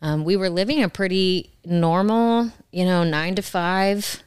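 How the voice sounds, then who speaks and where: A woman's voice: lowish voice, a little slow, clean tone, no echo, clean studio sound. A woman in her thirties co-hosting a podcast, chatting casually and joking with easy laughter. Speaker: podcast co-host. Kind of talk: casual chat.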